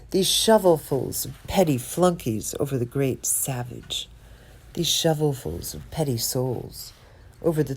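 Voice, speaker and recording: Slow, low-voiced woman reading poetry. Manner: expressive, drops some words to a whisper; lingers on and repeats single words. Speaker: poetry reader.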